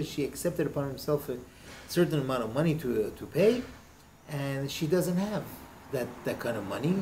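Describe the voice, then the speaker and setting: A man, a rabbi, telling a story in a class in a lively way with lots of casual fillers. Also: medium pitch, a little hiss or hum. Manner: lively, with many fillers like "you know". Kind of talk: storytelling in a lesson.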